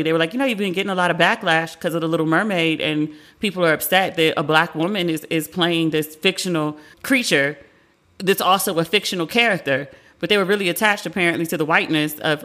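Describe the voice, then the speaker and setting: A woman in her forties with a bright, sharp tone, talking casually as a show host. She is candid and chatty, swears freely and slips into the voices of the people she quotes. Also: fairly low pitch. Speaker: podcast host. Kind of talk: casual pop-culture commentary.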